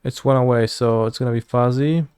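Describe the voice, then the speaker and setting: A man's voice: mid-range voice, steady tone, fairly quick, darkish tone, clean tone, no echo. A man, a streamer thinking aloud and muttering words to himself while he works through a word puzzle. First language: Polish.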